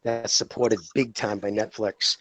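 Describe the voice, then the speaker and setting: A man's voice: fairly low pitch, little pitch movement, a little slow, fairly bright tone, dry recording, rough recording. A man co-hosting a podcast in casual chat, talking in a heated, profane, rambling way. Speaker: podcast co-host.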